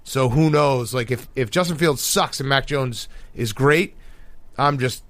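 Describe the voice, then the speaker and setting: A man co-hosting a sports podcast, rambling and excitable, with lots of fillers and restarts as he chats. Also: medium pitch, unhurried, dry recording. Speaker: podcast co-host. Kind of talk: casual sports chat.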